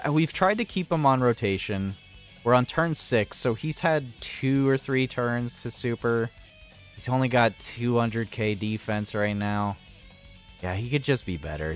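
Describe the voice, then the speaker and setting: A chatty man on a live game stream talks his viewers through his turns, his voice rising and falling in a lively way. Faint guitar music plays in the background. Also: medium pitch, measured pace. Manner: chatty, talks to viewers and pets, laughs often. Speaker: gaming streamer. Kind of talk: casual live-stream commentary.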